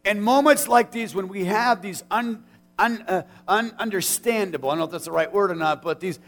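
High-voiced pastor preaching at a funeral. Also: male voice, a bit bright. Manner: earnest, heartfelt, with halting restarts. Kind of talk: funeral sermon with scripture reading and prayer. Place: funeral service.

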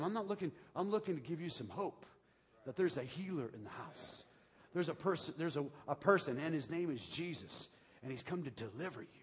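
A man preaching a sermon as pastor, going from hushed talk to shouted preaching in a large church. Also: medium pitch, husky. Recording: long hall reverb.

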